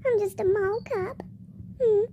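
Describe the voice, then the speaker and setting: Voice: very high-pitched, steady tone, unhurried, mellow, a little hiss or hum. A performer voicing a sad loser male mall cop stuck in a bunny suit, in a whiny, self-pitying, pleading game role-play story voice, often near tears. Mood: mopey, weepy.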